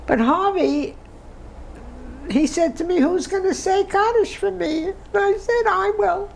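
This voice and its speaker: A woman's voice: very high voice, unhurried, gravelly, slight background noise, low-quality recording. A woman in her nineties giving an oral history interview, emotional and tearful, reminiscing with restarts. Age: 90s. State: crying.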